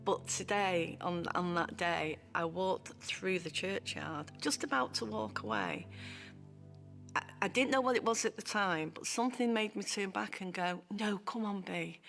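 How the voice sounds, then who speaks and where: A woman's voice: lowish voice, very animated, a little slow, a bit bright, faint music behind. Heartfelt woman telling her own story. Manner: heartfelt, repeats phrases for emphasis. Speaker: former client giving a testimony. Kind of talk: filmed personal testimony.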